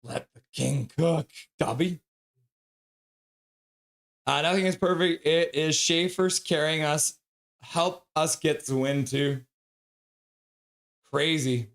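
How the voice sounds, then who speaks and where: A man's voice: a little high, slow pace, pauses often. A man hosting a live fan stream, calling the game play by play at home, crying out at big plays and cooing in baby talk at his dog in between. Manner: excitable, cries out at big plays. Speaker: livestream host calling the game.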